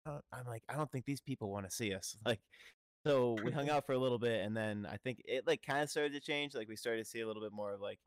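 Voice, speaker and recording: A man's voice: mid-range voice, fast, smooth, no echo. Laughing, rambling male band guest. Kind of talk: casual podcast chat.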